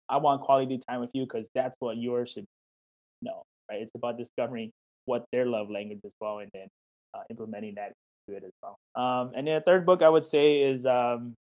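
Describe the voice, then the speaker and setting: Brief Male life coach, mid-pitched, friendly and encouraging, chatty, heard over a video call. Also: lo-fi sound. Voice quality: warm, encouraging, talks in questions and quoted dialogue. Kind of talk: interview answers, casual chat.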